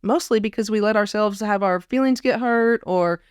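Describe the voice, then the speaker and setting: Woman, podcast guest, casual chat, reflective storyteller, smooth voice, dry sound. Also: mid-range voice, moderate pace, no room sound. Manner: reflective storyteller, quotes others with put-on voices. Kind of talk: casual conversation.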